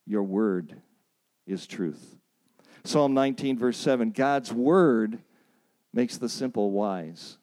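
Emphatic preacher, man, mid-pitched. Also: takes it slowly, long pauses, a little mellow. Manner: emphatic, repeats phrases and asks the audience to say lines back; storytelling with self-deprecating asides. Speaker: preacher leading a workshop. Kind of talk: sermon.

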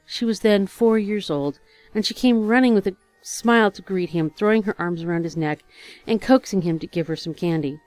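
A woman narrating a fairy tale as a storybook reading, in a measured, expressive way. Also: mid-range voice, dry recording, soft background music.

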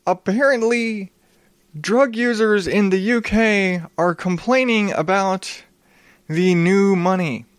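Speaking slowly and smoothly in a high voice, a man hosting a show rants about strange news with heavy sarcasm and plenty of swearing. He restarts frequently and sniffles occasionally. The dry, studio-quality recording suits this profane comedic bit.

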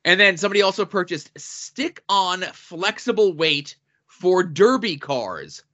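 A man co-hosting a casual podcast, reading listener notes and product listings in a dry, deadpan way. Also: high voice, measured pace. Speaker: podcast co-host. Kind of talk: casual podcast chat with sponsor reads. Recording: dull lo-fi audio.

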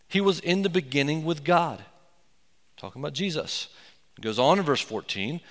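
A man preaching a sermon as pastor, earnest and emphatic, with excited asides. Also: fairly high pitch, moderate pace, big-room sound. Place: church sanctuary.

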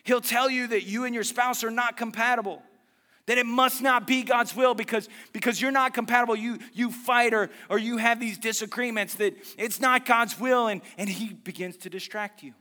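A man preaching a sermon as pastor, lively and conversational, mixing jokes and asides about his marriage into the message. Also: very high voice, normal speed, big-room sound.

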